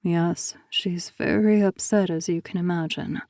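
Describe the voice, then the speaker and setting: A woman voicing a calm, manipulative male school teacher who talks in a hushed, coaxing way. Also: lowish voice, measured pace, no echo, clean studio sound.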